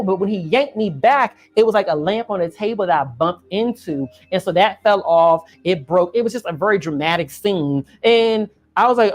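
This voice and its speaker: Woman vlogger, casual storytelling, emphatic and expressive, middle pitch, talks straight to camera. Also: moderate pace, faint music behind. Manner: expressive, emphatic, addresses viewer directly. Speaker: reaction channel host.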